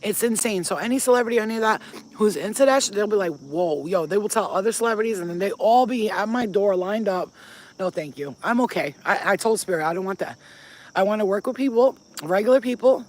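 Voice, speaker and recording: A woman's voice: medium pitch, fast talker, a little mellow, rough recording. A woman who is a spiritual healer, chatting casually and emphatically to her viewers while outdoors in a yard, swearing freely. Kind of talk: casual chat to camera.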